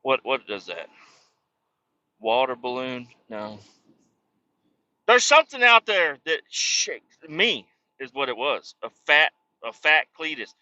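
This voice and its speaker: Very bright-voiced man rambling through a comic story. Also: mid-range voice, big pitch swings, takes it slowly, pauses often, no echo, dull audio. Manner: rambling, profane, self-mocking. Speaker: podcast host. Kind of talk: comedic storytelling monologue.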